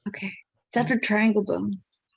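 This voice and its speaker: A woman writer chatting about her piece in an excitable, self-deprecating way, tripping over her words. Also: medium pitch, moderate pace, gravelly, slightly rough, no room sound. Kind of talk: casual chat.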